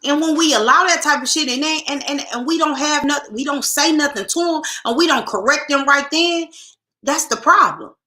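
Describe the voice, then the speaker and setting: Emphatic woman with a bright, high voice. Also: moderate pace, slight background noise. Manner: emphatic, repetitive, storytelling with restarts. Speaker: podcast co-host. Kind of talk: casual opinion talk reading listener comments.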